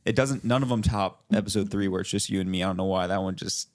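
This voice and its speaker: A man co-hosting a podcast, chatting casually and teasing his co-host with a joking tone. His voice sits a little low and the sound is dry and close. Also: fast, no room sound. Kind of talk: casual chat.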